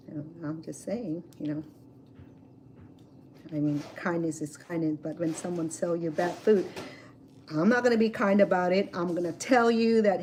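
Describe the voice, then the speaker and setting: A woman chatting casually while cooking at a home grill outdoors, telling stories in an animated way with many fillers. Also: fairly low pitch, moderate pace, a little hiss or hum, low-quality recording. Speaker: cooking vlogger.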